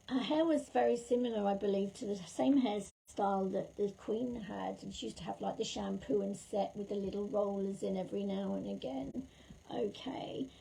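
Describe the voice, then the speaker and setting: A woman, a psychic medium, chatting warmly with viewers during a livestream reading while her throat is sore and scratchy. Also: fairly high pitch, gravelly, breathy edge. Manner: chatty and affectionate, calls viewers lovely and darling. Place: at home.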